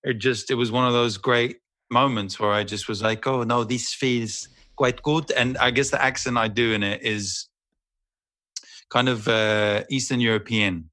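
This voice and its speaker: Male actor guest, fairly low voice, loose rambling self-deprecating chat, dry close mic. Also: steady tone, normal speed, pushed and bright, no room sound. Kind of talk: casual interview chat.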